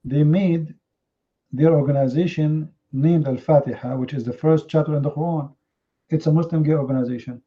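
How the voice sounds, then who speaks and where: A man with a rather high voice hosts a heated live online debate, mocking his opponents with sarcastic rhetorical questions in non-native English grammar. His intonation is fairly even and his speed normal, and the stream audio is a little dull and muffled.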